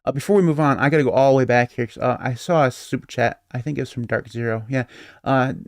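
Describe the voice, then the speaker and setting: A man's voice: medium pitch, quick pace, dry recording, clean studio sound. A man co-hosting a podcast in a casual, rambling way, chuckling often between points. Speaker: podcast co-host. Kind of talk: casual tech chat.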